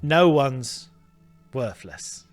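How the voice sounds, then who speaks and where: A man's voice: medium pitch, animated, very slow, faint music behind. A man voicing a dismissive male shopkeeper with a put-on Italian accent, curt and grumbling.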